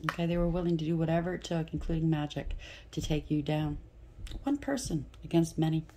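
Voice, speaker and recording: Low-voiced blunt woman reading tarot. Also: a little fast, dark tone, slight background noise. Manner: blunt, chatty, swears freely, keeps asking okay. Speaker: tarot reader.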